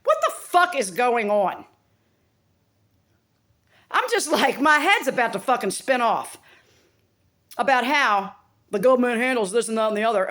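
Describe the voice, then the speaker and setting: A woman's voice: fairly high pitch, lively intonation, a little slow, pauses often, a bit bright. A woman vlogger talking to camera in a rambling, profane, exasperated rant.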